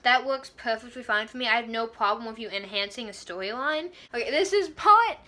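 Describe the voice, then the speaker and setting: Excitable woman vlogger reviewing an episode: high, bright voice, gushing and laughing through her sentences. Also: brisk. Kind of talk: casual fan review vlog.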